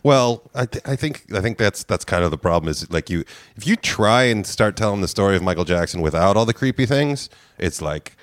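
A man of middle pitch talks with a very lively, up-and-down delivery as he co-hosts a casual comedy podcast. He tells stories and swears freely, and the sound is close and dry. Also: brisk, no echo. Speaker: podcast co-host.

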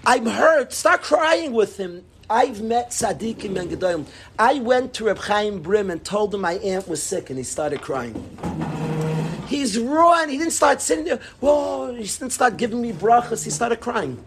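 A man's voice: high-pitched, lively intonation, moderate pace, slight background noise. Impassioned man teaching a religious class. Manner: emphatic, repetitive, swings from loud to hushed. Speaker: Torah teacher.

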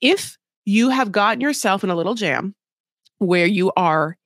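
A woman's voice: medium pitch, animated, a little slow, no echo, studio quality. A woman co-hosting a podcast, recapping reality TV in a rambling, frank chat full of "like" and swearing. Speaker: podcast co-host.

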